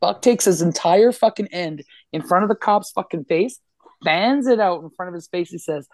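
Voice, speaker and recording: A woman's voice: lowish voice, normal speed, no room sound. A Canadian woman tells a story on a podcast, swearing with abandon. She slips into the voices of the people she's describing as she goes. Her voice is close and dry, with no room sound. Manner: profane, animated, acts out voices in the story. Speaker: podcast co-host. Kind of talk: casual storytelling.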